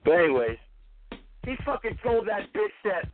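A man's voice: high voice, very animated, normal speed, a little hiss or hum. Ranting man on a tinny line. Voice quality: heavy swearing, combative. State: drinking. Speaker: live stream radio host. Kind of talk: profane angry rant. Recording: tinny phone-like line, faint music.

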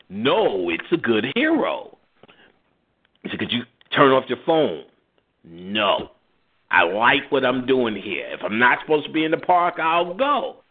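A man's voice: on the low side, husky. A man with a New York accent, hosting a radio show and telling a story in a casual way, acting out the other voices. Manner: animated, acts out voices and laughs. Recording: phone-like lo-fi audio.

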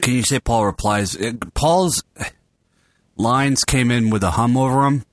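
A man's voice: mid-range voice, unhurried, dry recording, clean studio sound. A man hosting a podcast table read, joking and laughing a lot as he talks through retakes. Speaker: podcast host. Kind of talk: casual table read with banter.

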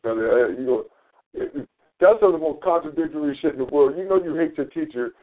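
A man's voice: on the high side, expressive, brisk. A man talking casually on a radio show, rambling and profane, often hunting for his words. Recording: tinny phone line.

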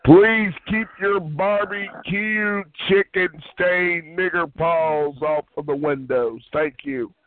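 A man speaking slowly in a mock announcement manner. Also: high-pitched, steady tone. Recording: dry tinny phone line.

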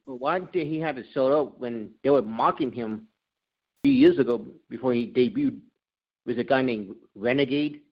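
A man chats about wrestling on a casual show, raising skeptical questions. His voice sits at a middling pitch. The sound is muffled and lo-fi. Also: moderate pace. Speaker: podcast co-host.

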